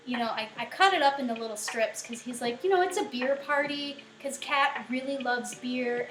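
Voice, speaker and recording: Young woman streamer, bright slow giggly chat, echoey kitchen with faint music underneath. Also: a little high. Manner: giggly, laughs often. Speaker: live streamer. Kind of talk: casual live-stream chat answering viewers. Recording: roomy echo with faint music.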